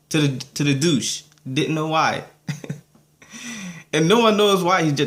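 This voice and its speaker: A man's voice: a little high, a bit bright. A young man giving a casual, rambling review of a cartoon episode, laughing often between thoughts.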